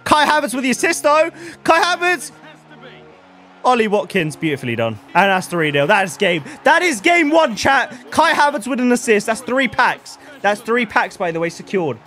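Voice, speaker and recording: A young man commentating on his own video game as a streamer, with bursts of shouting hype and quiet muttered asides. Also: very high-pitched, big pitch swings, moderate pace, faint music behind. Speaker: gaming streamer.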